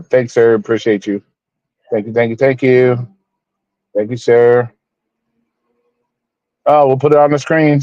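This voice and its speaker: A man's voice: mid-range voice, fairly even intonation, unhurried, long pauses, darkish tone, no echo. A man hosting a casual livestream, rambling, repeating himself and talking to viewers by name, blunt and swearing now and then. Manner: blunt, swears, mock-preachy. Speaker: livestream host. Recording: dull, dry lo-fi sound.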